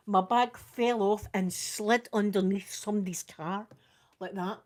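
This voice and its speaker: An older woman with a Scottish accent and an unhurried, mid-range voice chats during her live makeup vlog. Her stories are animated, with screams and quotes acted out.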